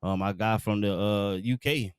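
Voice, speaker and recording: A man with a very low, smooth, resonant voice, talking sports as a show guest. He speaks loosely in slang, with lots of fillers and pauses. The sound is close and dry. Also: fairly even intonation, dry recording. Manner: laid-back slang, many fillers. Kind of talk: casual sports talk.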